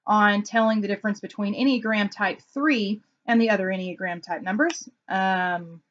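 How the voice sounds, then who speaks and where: In a lo-fi casual vlog, an Enneagram consultant describes personality types through lively anecdotes and performed quotes. She speaks at a normal speed in a mid-range voice.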